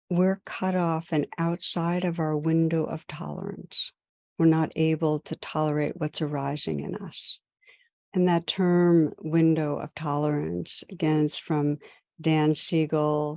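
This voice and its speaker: Slow, gravelly-toned woman teaching meditation. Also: low-pitched, no room sound, studio quality. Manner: gentle, measured, with short phrases and pauses. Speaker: meditation teacher and podcast host. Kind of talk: recorded meditation talk.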